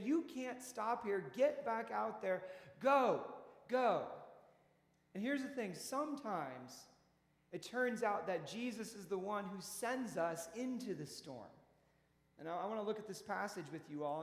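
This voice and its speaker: A man preaching a sermon in a relaxed, conversational way, telling stories with frequent restarts. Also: high voice. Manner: folksy storytelling with frequent restarts. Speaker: pastor. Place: church. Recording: echoey church hall.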